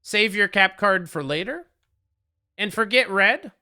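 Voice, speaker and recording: A man with a bright, crisp voice talks through a strategy game as he streams it. His commentary is loose and joking, and he answers his chat as he plays. The sound is dry and close on the mic. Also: high-pitched, lively intonation, measured pace, dry recording. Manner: chatty, joking, answers chat, gets loud when frustrated.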